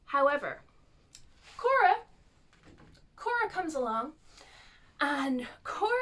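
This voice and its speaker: A woman with a high voice talks through a story in a loose, chatty recap. She keeps reaching for fillers and restarts as she goes. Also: a bit bright. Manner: chatty, uses lots of fillers. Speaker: youtuber. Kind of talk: casual plot recap.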